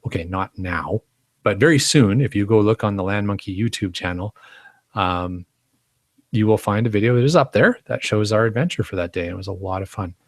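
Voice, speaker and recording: A man's voice: on the low side, dry recording. A man co-hosting a casual podcast, telling stories with easy enthusiasm. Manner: chatty, enthusiastic storyteller. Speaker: podcast co-host.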